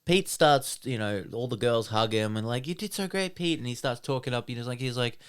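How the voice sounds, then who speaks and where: An Australian man co-hosting a podcast, talking through an episode recap in an easygoing, casual way. He pauses now and then with soft fillers as he retells the scenes. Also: mid-range voice, smooth. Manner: relaxed storytelling recap with frequent "um" pauses. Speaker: podcast co-host.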